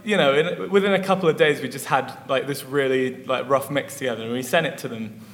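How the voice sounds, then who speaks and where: A man's voice: mid-range voice, brisk. Rambling young-sounding musician man, echoey hall. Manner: rambling, lots of fillers and laughs. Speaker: musician guest. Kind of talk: casual interview chat. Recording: echoey hall with faint noise.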